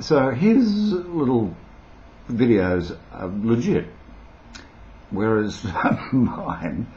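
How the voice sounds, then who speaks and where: An older Australian man with a deep, gravelly voice talks into a webcam in an unhurried, rambling way, his pitch swinging widely as he plays around. The recording is a bit dull, with a faint hiss underneath. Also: a little mellow. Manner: rambling, playful, eccentric. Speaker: vlogger. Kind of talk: casual talk to webcam. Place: at home by his PC.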